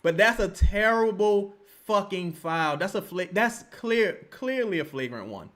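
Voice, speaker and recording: A man commentates a basketball game live, swearing freely. His fairly high voice swings widely in pitch. He erupts into shouts, then sinks into low grumbling. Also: lively intonation, a little slow. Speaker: sports streamer reacting to a live game.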